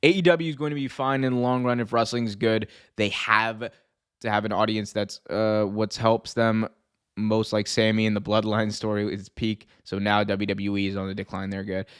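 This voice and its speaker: A man hosting a podcast in casual chat, excitable and full of "like". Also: fairly low pitch, normal speed, clean tone. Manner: excitable, heavy use of "like". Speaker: podcast host.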